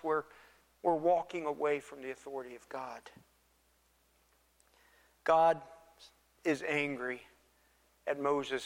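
An earnest male pastor preaching with a slightly raised pitch. He repeats words as he works through his points and now and then sinks nearly to a whisper. His voice rings with the long reverb of a church hall. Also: fairly bright tone. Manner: earnest, repeats words, drops to near whisper for quoted pleas. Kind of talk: sermon.

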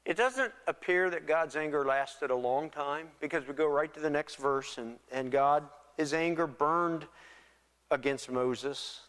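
An earnest male pastor preaching with a slightly raised pitch. He repeats words as he works through his points and now and then sinks nearly to a whisper. His voice rings with the long reverb of a church hall. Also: measured pace, fairly bright tone. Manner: earnest, repeats words, drops to near whisper for quoted pleas. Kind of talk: sermon.

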